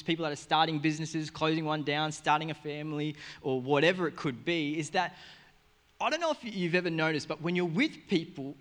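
A young man, a pastor, preaching a sermon in a casual, energetic way, full of asides and quick restarts. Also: fairly high pitch, long reverb tail.

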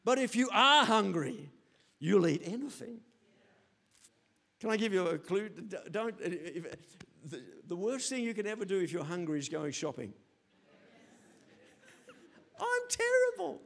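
A man's voice: high voice, moderate pace, creaky. An older man preaching a sermon as pastor, telling stories animatedly and acting out quotes. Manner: animated storytelling with acted quotes.

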